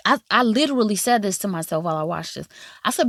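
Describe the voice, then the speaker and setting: A woman giving casual drama commentary in an animated, profane, sassy way. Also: mid-range voice, brisk, no echo, clean studio sound. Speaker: drama reviewer. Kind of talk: casual watch-along commentary.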